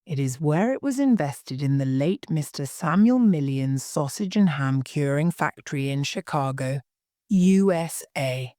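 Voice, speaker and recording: A woman doing a kindly old gentleman lawyer who speaks slowly and carefully, polished and formal. Her voice sits fairly low and the sound is dry and close. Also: lively intonation, no echo. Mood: patient. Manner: careful, polished, slow explaining.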